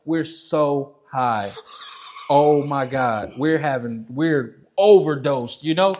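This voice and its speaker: A man guesting on a podcast, telling a story in casual chat, animated and swearing freely as he acts out what others said. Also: on the high side, slow pace.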